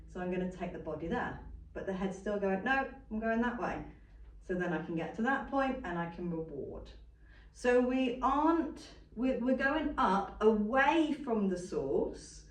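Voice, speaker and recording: A woman dog trainer explains a technique step by step with patient, repeated reminders. Her voice sits at an ordinary middle pitch. It comes across roomy and a little distant from the mic. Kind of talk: instructional demonstration.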